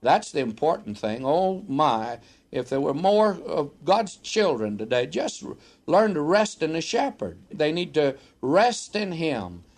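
An older man teaches the Bible on the radio, answering a listener in a folksy, pastoral way. His voice sits fairly high and rises and falls with real animation. He talks to the listener like a friend. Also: very animated, unhurried, darkish tone.

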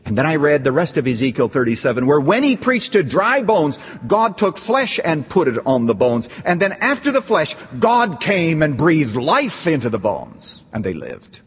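Husky preacher in a roomy church hall. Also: male voice, fairly high pitch, wildly swooping pitch, moderate pace, few pauses. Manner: storytelling, rising to fervent appeals. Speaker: pastor. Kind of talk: sermon. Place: large church. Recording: dull, echoey church hall.

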